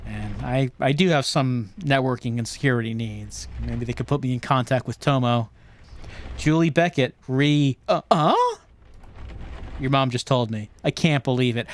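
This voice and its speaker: A man's voice: mid-range voice, moderate pace. A man streaming a video game, reading in-game messages aloud and muttering asides in casual commentary.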